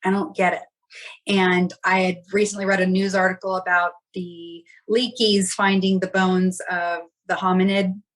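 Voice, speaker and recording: A woman's voice: on the low side, flat delivery, normal speed, low-quality recording. A woman, a podcast guest, telling a personal story in a candid, reflective way and often acting out quoted dialogue.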